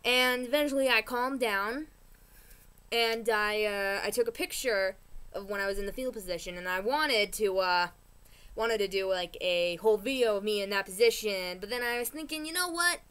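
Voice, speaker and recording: A woman's voice: mid-range voice, moderate pace, smooth. Chatty woman ranting about a TV episode. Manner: chatty, animated, restarts sentences. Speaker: vlogger. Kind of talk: casual TV recap rant.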